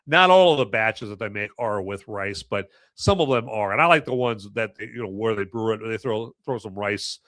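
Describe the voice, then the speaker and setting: A man's voice: on the low side, normal speed, hardly any pauses, fairly bright tone, no echo, studio quality. A man hosting a live podcast, chatting casually in a rambling, self-mocking way with jokey asides. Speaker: podcast host reviewing movies and beer. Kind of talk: casual live-stream chat.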